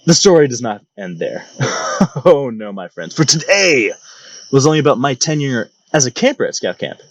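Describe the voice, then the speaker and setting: A man's voice: mid-range voice, sing-song, moderate pace, dry recording, highs cut off. Young guy doing comedy storytime, sarcastic and theatrical, voice bounces around a lot, dry mic. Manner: mock-grand, sarcastic, theatrical. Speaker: storytelling channel host.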